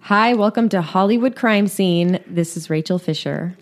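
A woman's voice: medium pitch, normal speed, soft background music. A woman co-hosting a podcast in casual chat, chiming in with short, dry remarks. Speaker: podcast co-host.

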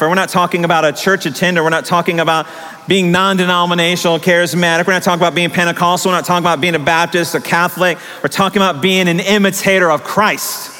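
A middle-aged male pastor preaching a sermon, telling stories with animated, emphatic rises in his voice. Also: high-pitched. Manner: animated storytelling with rising emphatic peaks. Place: church sanctuary. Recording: long hall reverb.

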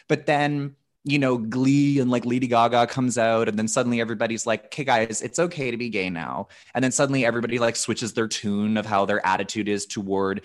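A man's voice: mid-range voice, a little fast. A man in his thirties, a podcast guest telling candid, profane stories in casual chat, often restarting his phrases.

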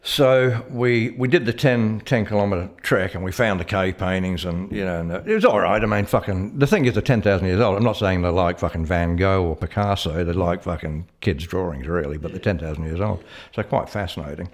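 A man's voice: low voice, a little fast, few pauses. A man telling a rambling, sweary story in casual chat.

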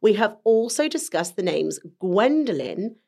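A woman's voice: mid-range voice, big pitch swings, a little slow, vocal fry, mellow. A woman, co-hosting a podcast in casual, playful, jokey chat. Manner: playful, jokey, self-mocking. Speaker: podcast co-host.

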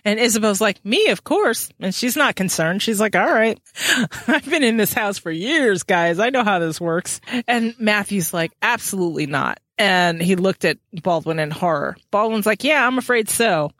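Animated woman reading aloud and quipping. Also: mid-range voice, normal speed, dry recording. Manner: animated, laughs often, reads aloud and quips. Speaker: podcast host. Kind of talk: casual book-club chat, reading passages aloud.

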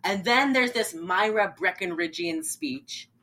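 A woman's voice: mid-range voice, unhurried. A woman in casual chat, animatedly recapping a film and acting out the lines with laughs. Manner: animated, acts out lines in funny voices, laughs often. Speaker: podcast co-host recapping a film.

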